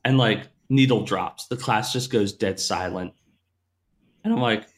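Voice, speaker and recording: A man in casual podcast conversation, telling a story with lively energy. His voice sits in a middle range and he slips into the voices of the people he quotes. He laughs often as he talks. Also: on the low side, unhurried. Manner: animated, laughs a lot, acts out quoted voices. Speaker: guest storyteller, corporate trainer.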